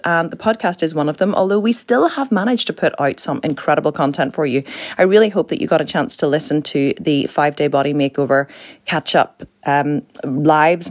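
A tired, sleepy-sounding woman hosting a podcast, chatting and rambling through her intro. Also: lowish voice. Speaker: podcast host.

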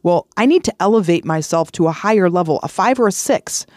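A woman's voice: lowish voice, animated, a little fast, darkish tone, no room sound, studio quality. A woman podcast host and life coach giving a motivational self-help talk, earnest and encouraging, often repeating words for emphasis.

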